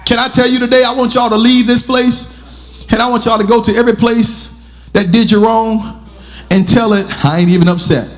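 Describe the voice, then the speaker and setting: High-voiced preacher shouting a sermon. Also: male voice, fairly even intonation, moderate pace. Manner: preaching with rising shouts and sung cadences, calling on the congregation. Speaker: pastor. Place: church sanctuary.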